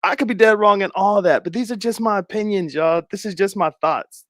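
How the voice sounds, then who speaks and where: A man's voice: high-pitched, fairly quick, no room sound, clean studio sound. A man giving casual, rambling commentary to his viewers, laughing often and speculating. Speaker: commentary streamer.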